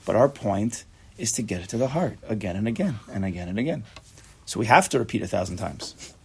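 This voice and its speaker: A man's voice: on the low side, animated, fairly quick, vocal fry, slightly rough. A man giving a casual, chatty Torah class, joking and mixing Hebrew and Yiddish terms into his talk.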